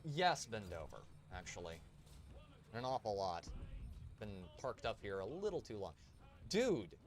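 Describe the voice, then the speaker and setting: A man's voice: fairly low pitch, big pitch swings, moderate pace. A man streaming a tank game, chatting and joking with his viewers while he plays. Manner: chatty, jokey asides to chat. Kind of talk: live gameplay commentary.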